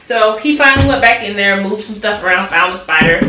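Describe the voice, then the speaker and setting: A woman's voice: medium pitch, expressive, brisk, pushed and bright, a little hiss or hum. A young woman, a mother co-hosting a family vlog, chatting and telling stories with frequent laughter and teasing. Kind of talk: casual family vlog chat. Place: home nursery room, indoors. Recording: roomy, distant home video.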